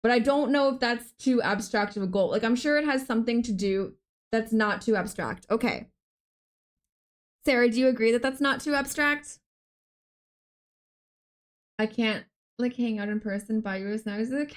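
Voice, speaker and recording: A young woman streams a game live and talks with her chat in a bright, excitable way. Her voice sits a little high, and she often breaks into sudden gasps while she plays. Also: normal speed. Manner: excitable, gasping, chatting with viewers.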